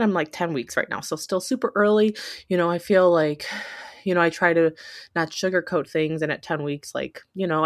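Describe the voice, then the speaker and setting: A woman in her thirties tells a story from her own life in a low, dry-sounding voice. She rambles and restarts, peppering every thought with "like" and "you know". She stays candid and close to tears. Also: no echo. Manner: rambling, heavy use of filler words like "like" and "you know"; emotional and candid. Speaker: podcast host. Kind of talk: casual personal storytelling.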